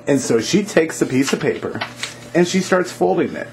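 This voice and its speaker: A man's voice: on the high side, normal speed, creaky, noisy background. Casual male storyteller, easygoing, filler-heavy, talks to viewers. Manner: relaxed, with fillers and hedges.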